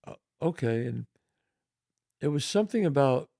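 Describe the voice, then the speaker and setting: Gravelly older New York man telling stories. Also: mid-range voice, normal speed, dry recording, clean studio sound. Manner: rambling, animated, swears freely. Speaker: podcast host. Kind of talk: casual storytelling.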